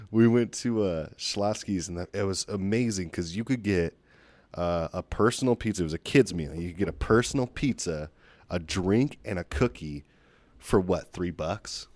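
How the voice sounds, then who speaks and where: A man's voice: low voice, moderate pace, a little mellow, dry recording. A young man co-hosting a casual podcast, joking, laughing often and swearing freely. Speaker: podcast co-host.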